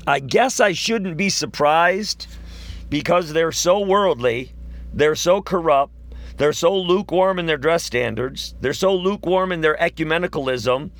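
A man's voice: a little high, a little slow, a bit bright. A man giving a combative religious commentary, reading out long quotes and firing back with emphatic accusations. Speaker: online preacher.

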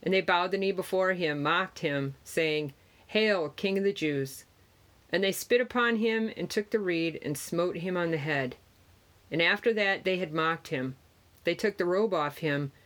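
Steady measured scripture reader. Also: medium pitch. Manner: steady measured reading with small stumbles. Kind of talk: reading of a Gospel passage in archaic wording.

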